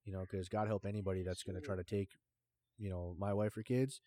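A man's voice: lowish voice, fairly even intonation, fairly quick, mellow. A man hosting a casual podcast who talks bluntly, swears freely and leans on fillers. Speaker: podcast host.

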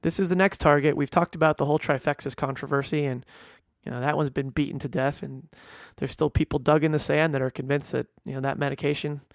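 A man's voice: a little high, steady tone, fast talker, vocal fry, hardly any pauses, dry recording, studio quality. A middle-aged man, a veterinarian, talking casually and earnestly, stressing points with restarts and fillers. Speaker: veterinarian and podcast host. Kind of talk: casual monologue.

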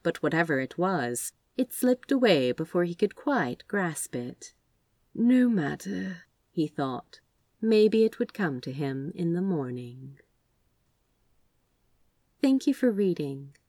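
Woman narrator, expressive fan fiction reading, lowish voice, lively pitch, dry close sound. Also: slow, no room sound. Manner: expressive storytelling, voicing characters. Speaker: audiobook reader.

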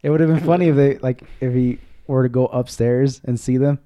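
A man's voice: medium pitch, fairly even intonation, fairly quick, mellow. A man hosting a podcast, asking short questions and laughing along with his guest. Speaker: podcast host. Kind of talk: casual interview.

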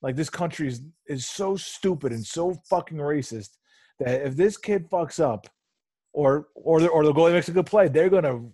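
Husky-voiced man swearing bluntly. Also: a little high, lively intonation, moderate pace, dark tone, no echo. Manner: profane, blunt. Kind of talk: casual chat.

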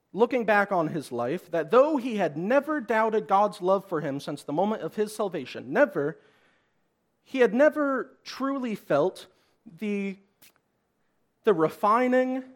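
A young man preaching a sermon as a guest speaker, earnest, voicing pleas with rising intensity. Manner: earnest, rises in pitch and force on acted-out pleas.

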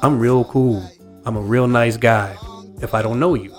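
A man at a medium pitch co-hosting a laid-back podcast, swearing freely and joking his way through stories. His tone stays loose and irreverent, and faint music sits low behind him. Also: normal speed. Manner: profane, joking storyteller. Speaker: podcast co-host. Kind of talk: casual podcast chat.

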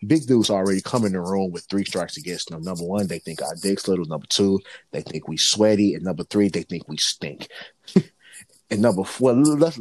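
A man in casual chat, telling profane, animated stories as a co-host. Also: low voice, dry recording. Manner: animated, profane, lively storyteller.

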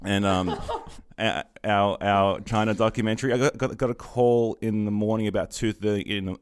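A man's voice: fairly low pitch, steady tone, moderate pace, smooth, no room sound. A man hosting a podcast, telling a story in casual chat, full of ums, restarts and small laughs. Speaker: podcast host.

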